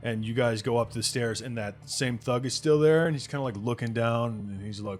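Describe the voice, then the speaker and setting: A man's voice: medium pitch, brisk, faint music behind. A man running a tabletop game as game master, narrating in a loose, rambling way.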